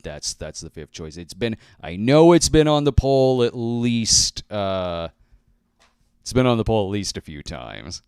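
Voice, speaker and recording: A man hosting a loose, rambling livestream, joking at his own expense and tripping over restarts. His voice sits fairly low and comes through smooth and clear. It is picked up close on a handheld mic in a dry, dead-sounding space. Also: sing-song, unhurried, darkish tone, dry recording. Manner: rambling, self-deprecating, many fillers and restarts. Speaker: host. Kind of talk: casual livestream chat. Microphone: handheld microphone.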